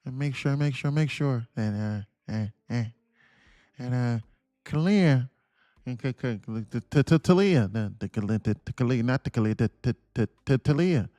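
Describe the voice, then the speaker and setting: A man's voice: medium pitch, normal speed, dark tone, no echo, studio quality, close to an everyday voice. A man putting on an impression of a rambling, stammering elderly male president who mangles names.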